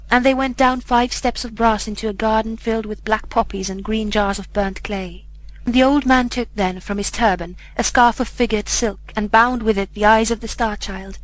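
A woman's voice: on the high side, poor audio. Woman reading a fairy tale aloud. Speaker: narrator.

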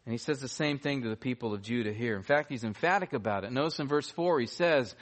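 A man's voice: mid-range voice, quick pace, few pauses, a bit bright. A man preaching a sermon as pastor, emphatic and repeating key phrases for weight.

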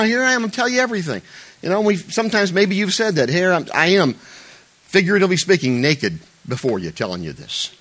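A male pastor delivers a sermon in a casual, conversational way and breaks off now and then for jokes. His voice sits fairly high and swings widely in pitch. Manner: animated, conversational, jokey asides.

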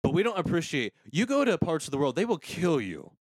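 A man's voice: on the high side, wildly swooping pitch, fairly quick, breathy edge, no room sound. A man hosting a podcast, ranting crudely and sarcastically in casual comedic talk. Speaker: podcast host.

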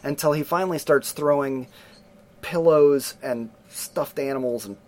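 Middle-aged male co-host, casual film-review chat, lively storyteller who acts out scenes. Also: on the high side, measured pace.

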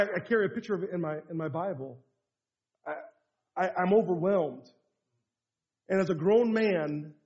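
Fervent high-voiced male preacher. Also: muffled recording. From United States. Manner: storytelling, swings from hushed to fervent. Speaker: pastor. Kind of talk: sermon.

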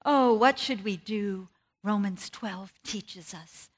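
A woman preaching a sermon, earnest and personal, telling a story from her own family life with lively pitch swings. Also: slow.

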